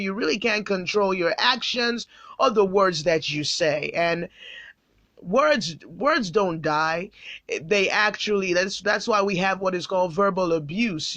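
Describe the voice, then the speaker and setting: A woman's voice: lowish voice, sharp tone, dry recording. A woman pastor teaching a Bible sermon, speaking emphatically and repeating phrases for stress.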